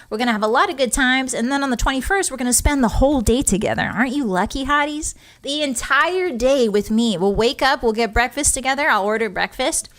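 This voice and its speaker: A young woman talks casually to her stream audience, her voice sitting a little high. She is chatty and emotional, giggling through her words. She speaks into a close desk microphone. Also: fairly bright tone. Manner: chatty, emotional, reads chat aloud, giggly. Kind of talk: casual live-stream chat.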